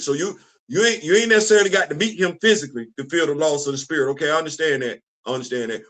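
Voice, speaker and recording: A middle-aged man hosting a casual livestream chat, animated and laughing often as he answers his audience. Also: fairly high pitch, rapid-fire. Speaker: host.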